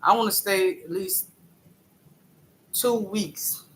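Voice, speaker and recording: A man chatting on a live stream, telling a story haltingly, repeating phrases and greeting viewers by name. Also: high voice, slight background noise, rough recording. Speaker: livestreamer. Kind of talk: casual live-stream talk.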